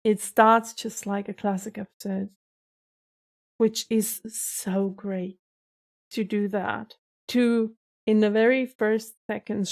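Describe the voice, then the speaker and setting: A woman's voice: mid-range voice, flat delivery, gravelly. A woman hosting her own reaction review, talking with gushing emotion, close to tears and laughing between words. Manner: gushing, emotional, laughs often, slow and effusive. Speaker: reaction video host.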